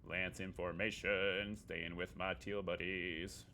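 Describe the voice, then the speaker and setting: A man's voice: sits low, level tone, takes it slowly, creaky, bright, forceful tone, slight background noise. A man streaming a video game live from home, chatting casually and joking with viewers, tossing in goofy beep-boop noises. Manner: playful, jokey, makes beep-boop sound effects.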